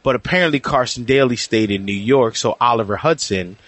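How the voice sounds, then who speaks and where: A man co-hosting a casual golf podcast, talking in animated, teasing bursts. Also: mid-range voice, brisk, no room sound. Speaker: podcast co-host and golf reporter. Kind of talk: casual sports podcast chat.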